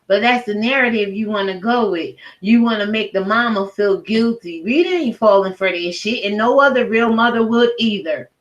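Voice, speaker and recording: A woman's voice: mid-range voice, moderate pace, few pauses, lo-fi sound. A woman giving a heated, profane rant as a YouTube commentator, speaking emphatically. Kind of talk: angry rant to camera.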